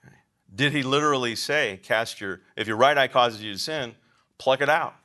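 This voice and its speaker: A man's voice: mid-range voice, moderate pace, sharp tone. A man teaching a class on biblical counseling, lecturing in an emphatic, conversational way and asking the room questions.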